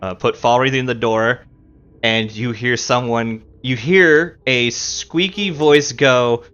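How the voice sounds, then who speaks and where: A man's voice: mid-range voice, fairly even intonation, slow pace, a bit bright, clear, resonant tone. A man running a tabletop game as game master, describing scenes with many fillers. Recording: dull lo-fi sound with faint music.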